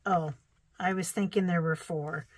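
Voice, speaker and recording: A woman's voice: fairly low pitch, steady tone, unhurried, no echo, rough recording. A middle-aged woman with a Midwestern American accent, chatting casually as she shows old quilting magazines, thinking aloud with fillers and little exclamations. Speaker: vlogger.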